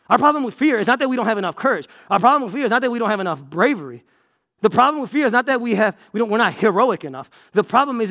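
A man delivers a sermon in an unusually high voice. He preaches with emphasis and hammers points through repetition. His delivery swings between loud bursts and low, hushed stretches. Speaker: pastor.

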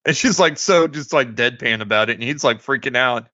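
Bright-voiced man chatting about movies. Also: mid-range voice, brisk, no echo, highs cut off. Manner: animated, laughing, acts out lines from scenes. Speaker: podcast co-host. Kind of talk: casual movie review chat.

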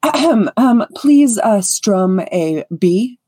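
A woman's voice: medium pitch, lively intonation, takes it slowly, mellow, dry recording, voice pushed up. A woman voicing a vain, boastful female performer who talks in a grandiose, haughty, theatrical way.

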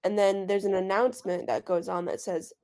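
A woman's voice: mid-range voice, steady tone, fairly quick, a little mellow. A woman who is a podcast guest, chatting casually about a movie and pointing out plot holes, with frequent "like" fillers.

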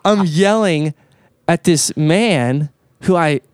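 A man hosting a casual podcast conversation, telling an animated story, swearing freely and stumbling over repeated words as he talks. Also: on the high side, slow pace, clear, resonant tone, no echo, clean studio sound. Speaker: podcast host.

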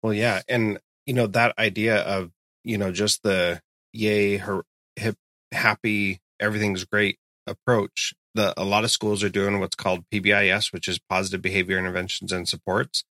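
A man hosting a podcast, speaking in a measured, agreeable way in conversation with a guest. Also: on the low side, level tone, pushed and bright, dry recording. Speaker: podcast host. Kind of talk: casual interview talk.

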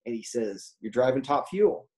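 Male interview guest, mellow tone, loose storyteller who voices the other people in his story. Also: medium pitch, animated, normal speed, rough recording. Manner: rambling, many fillers, acts out quoted dialogue. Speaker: guest telling a racing story. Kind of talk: casual storytelling.

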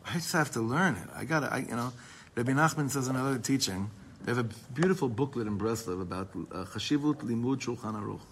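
Animated man teaching a Torah class. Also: mid-range voice, fast talker, slight background noise, low-quality recording. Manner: animated, mixes Hebrew readings with English explanation.

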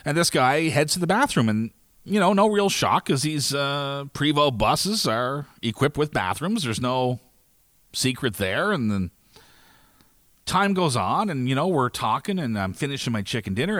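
Animated storytelling man, lively pitch. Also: no room sound, clean studio sound. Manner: animated, laughing storyteller who acts out quoted lines. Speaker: podcast host telling a story. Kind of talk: casual storytelling chat.

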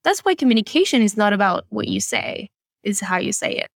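A young adult woman from Argentina with an Argentine Spanish accent, a guest telling animated stories in an interview. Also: mid-range voice, a little fast, vocal fry, no echo, clean studio sound. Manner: animated storyteller, laughs often. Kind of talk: conversational interview.

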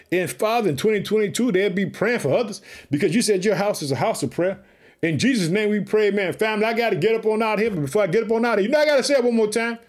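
Fired-up high-voiced male preacher. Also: a little mellow. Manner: fired-up, exclaims hallelujah often. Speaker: preacher and podcast host. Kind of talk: podcast sermon with Bible reading.

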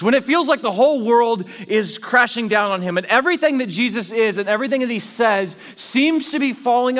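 A man's voice: high voice, fairly bright tone, long reverb tail. A man preaching a sermon as pastor, telling a scripture story in casual, conversational everyday speech.

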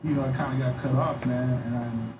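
A man's voice: medium pitch, fairly even intonation, brisk. Laid-back man, echoey noisy room. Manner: laid-back, peppers speech with "man" and "you know". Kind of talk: casual conversation. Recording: echoey room with loud noise.

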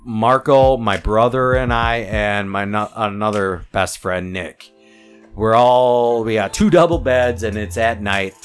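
A man's voice: on the low side, measured pace, clear, resonant tone, soft background music. A man hosting a casual podcast chat, telling stories with lots of laughter. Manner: animated storyteller, laughs often. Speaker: podcast host.

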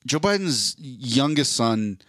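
A man's voice: medium pitch, sing-song, slow pace, fairly bright tone, dry recording, studio quality. A man co-hosting a casual podcast chat, rambling and restarting as he explains things at length. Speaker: podcast co-host.

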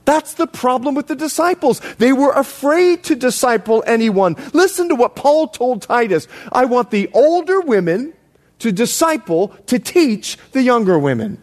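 A man from the Bahamas preaching a sermon, his voice sitting high with wide, lively swings of pitch. He tells stories with emphasis, dropping to hushed low lines for weight and rising again for punch. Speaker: pastor.

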